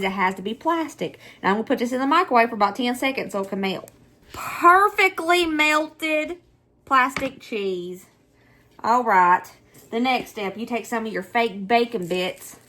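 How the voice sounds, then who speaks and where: A woman's voice: on the high side, fairly bright tone, slight background noise. A middle-aged woman with a Southern US accent, chatting nostalgically through a casual home cooking vlog and laughing often. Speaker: cooking vlogger.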